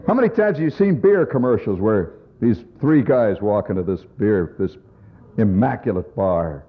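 A man's voice: on the low side, lively intonation, moderate pace. A man telling a rambling humorous monologue to an audience, wry and conversational. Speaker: storyteller performing to an audience. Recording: tinny lo-fi phone-like recording.

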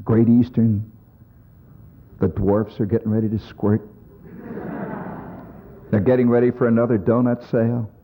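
A man spins a rambling, wry comic monologue for an audience. He talks conversationally with a husky voice at a middling pitch. The sound is thin and phone-like, like an old lo-fi recording. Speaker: storyteller performing to an audience.

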